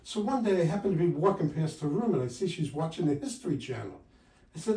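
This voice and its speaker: A man in his sixties doing a stand-up comedy set with wry, punchy delivery, jumping louder for quoted lines. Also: on the high side, sing-song, fast talker. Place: comedy club stage. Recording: roomy live sound from a distance.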